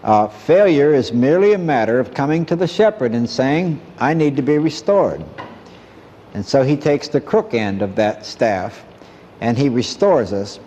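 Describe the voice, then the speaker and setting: A man giving an earnest, measured Bible lesson and quoting verses as he teaches. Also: medium pitch, very animated, mellow, long reverb tail, a little hiss or hum.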